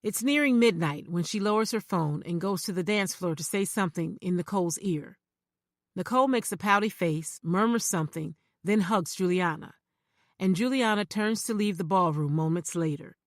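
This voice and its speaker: A woman narrating a thriller audiobook in first person, measured and even. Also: lowish voice, no echo, studio quality.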